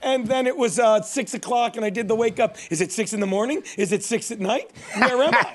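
High-voiced joking male show host. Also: brisk, darkish tone. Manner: rambling, joking, self-mocking. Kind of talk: comedy talk show banter.

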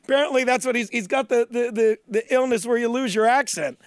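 A man's voice: extremely high pitch, brisk. A man hosting a comedy talk show, rambling and joking at his own expense. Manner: rambling, joking, self-mocking. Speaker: show host.

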